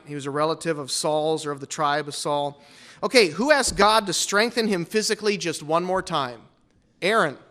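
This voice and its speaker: A man's voice: fairly high pitch, bright, forceful tone. A man pastor hosting a playful Bible trivia game at a church service, teasing the congregation before introducing guests.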